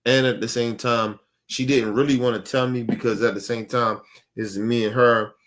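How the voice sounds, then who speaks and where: An older man, a podcast host, telling a rambling, profane story in casual chat, getting animated when he quotes himself. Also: medium pitch, moderate pace.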